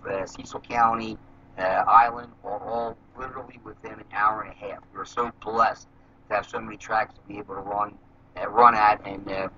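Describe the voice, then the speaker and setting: A man's voice: lowish voice, pushed and bright. A man being interviewed about drag racing, talking casually and rambling with many fillers. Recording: slightly dull with faint noise.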